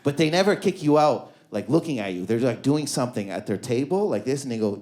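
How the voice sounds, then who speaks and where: A male stand-up comedian telling stories on stage, swinging between loud bursts and low mutters, acting out quoted lines and leaning on "you know what I mean". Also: animated, fairly quick. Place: comedy club stage with audience laughter.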